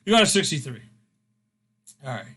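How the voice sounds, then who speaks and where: A man's voice: medium pitch, sing-song, moderate pace, fairly bright tone, slightly rough. A man hosting a casual game recap, rambling with fillers as he scores each segment. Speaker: host.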